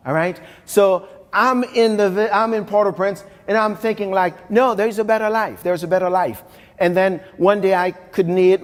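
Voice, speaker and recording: Recorded live in an echoing hall, a middle-aged man from Haiti delivers a motivational keynote in a Haitian-accented voice that's a little high. He leans on storytelling, repeats phrases to drive points home and talks straight to the crowd.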